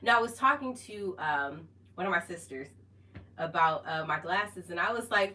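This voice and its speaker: A woman's voice: on the low side, lively intonation, moderate pace, sharp tone, far from the mic, rough recording. A woman chatting casually to her phone camera as a vlogger, laughing often and losing her thread.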